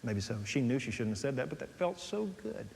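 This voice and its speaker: A man preaching a sermon, animated, swinging between soft and loud as he tells stories. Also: medium pitch, fairly quick, creaky, slight background noise. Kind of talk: sermon on dating and marriage. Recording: long hall reverb.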